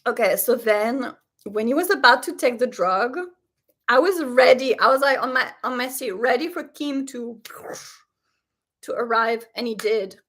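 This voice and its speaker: Woman reaction host with a slightly high voice, chatty and fired-up, talks straight to her viewers. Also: unhurried. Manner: animated, indignant, talks to viewers directly. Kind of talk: casual reaction commentary.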